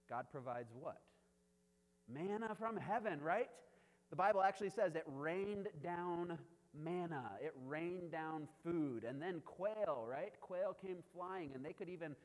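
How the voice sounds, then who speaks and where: A man's voice: a little high, in a large hall. A man preaching a sermon in a conversational way, often tossing in "right?" asides and light chuckles. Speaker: pastor.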